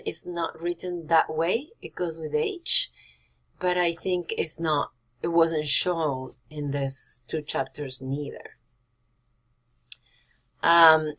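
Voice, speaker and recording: A woman teacher walks through corrections on student writing, repeating the key points so they stick. Her voice sits a little low for a woman, and she slips phrases in among her English explanations. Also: a bit bright. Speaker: Spanish teacher. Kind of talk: recorded feedback on student compositions.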